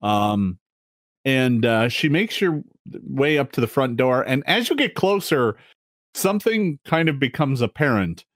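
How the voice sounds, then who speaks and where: A man narrating a tabletop game as game master, halting with many fillers and restarts. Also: mid-range voice, animated, no echo, studio quality.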